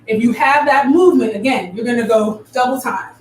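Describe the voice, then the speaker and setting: Dance teacher calling rhythms, echoey. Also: female voice, a little high, fairly quick. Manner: counts rhythms aloud with vocal syllables. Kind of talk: live online dance class instruction. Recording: echoey room from far off, faint noise.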